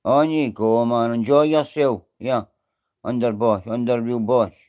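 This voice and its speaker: A man's voice: mid-range voice, steady tone, unhurried, dark tone, clean tone. A Scottish man on a live stream, rambling and greeting viewers by name in casual chat.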